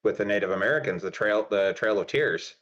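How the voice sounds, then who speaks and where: A man's voice: on the low side, a little fast, a bit bright, highs cut off. A man co-hosting a stream, talking bluntly and with exasperation in casual chat.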